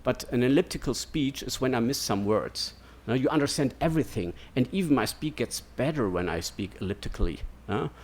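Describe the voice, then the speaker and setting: A man's voice: medium pitch, lively intonation, fairly quick, few pauses, darkish tone, husky. A man giving an academic lecture in a digressive way, checking in with "yeah?" and "no?" as he goes. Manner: digressive, keeps asking "yeah?" and "no?".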